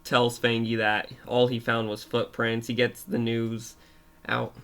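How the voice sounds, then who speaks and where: A young man retelling a made-up story off the cuff, halting and giggly, with many restarts. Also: medium pitch, completely flat delivery, fairly bright tone.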